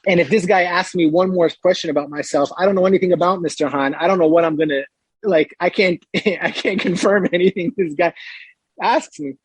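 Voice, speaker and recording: A man on a podcast tells a story with lots of energy, jumping up in pitch to act out the other people in it. His voice is husky and sits a little high. The recording is dry and close. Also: brisk, no echo. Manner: lively, acts out other people's lines in raised voices. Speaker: podcast guest. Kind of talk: animated storytelling.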